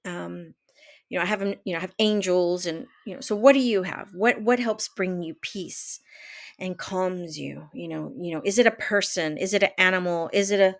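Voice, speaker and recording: A woman's voice: on the low side, steady tone, a little fast, vocal fry. Rambling woman in her fifties. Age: 50s. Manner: rambling, many fillers and restarts. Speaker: vlogger and life coach. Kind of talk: casual talk to camera. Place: home office.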